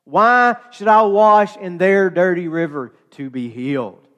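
A man's voice: on the high side, animated, unhurried, highs cut off. A man playing an arrogant, proud male general who blusters and makes demands. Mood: indignant. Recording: long hall reverb.

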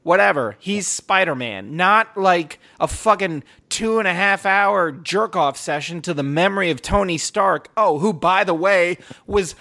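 A man's voice: high voice, measured pace, few pauses, no room sound. Male podcast host, rambling comic storyteller, salty language, close dry sound. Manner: animated, profane, rambling. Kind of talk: casual chat, comedic storytelling.

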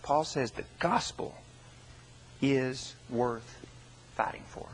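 A man preaching a sermon as pastor, telling a story with earnest, dramatic swings from full voice down to hushed. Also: mid-range voice, takes it slowly, long pauses, a little hiss or hum, low-quality recording. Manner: earnest, dramatic storytelling with sharp drops in volume.

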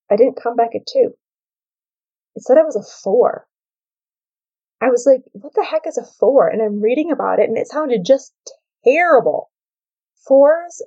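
A woman in her thirties hosting a solo podcast, telling a personal story in a chatty, animated way full of "like" and quoted self-talk. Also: a little high, dull audio. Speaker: podcast host.

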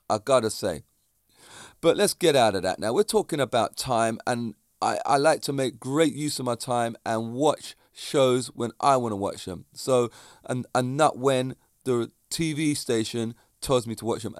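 A man talking casually to his viewers, rambling from one point to the next with a chatty, direct manner. His voice sits at an ordinary middle pitch, and the recording is dry and close with no room sound. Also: no room sound. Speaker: fitness instructor and vlogger. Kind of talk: casual monologue to camera.

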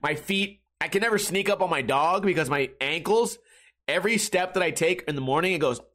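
A man's voice: on the high side, a little fast, fairly bright tone, slight background noise. A middle-aged man hosting a casual solo podcast, rambling through tangents, swearing and mocking himself. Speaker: podcast host.

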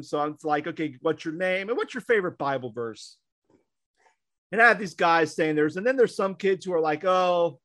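A young man tells a funny story as a podcast co-host, animated and laughing as he goes. His voice sits a little high for a man. The sound is dry and close. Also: no echo. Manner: animated, laughing, sarcastic asides. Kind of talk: casual storytelling.

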